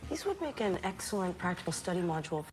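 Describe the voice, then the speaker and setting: A brisk female science officer. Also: on the low side, very animated, slightly rough. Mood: eager. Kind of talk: game trailer dialogue.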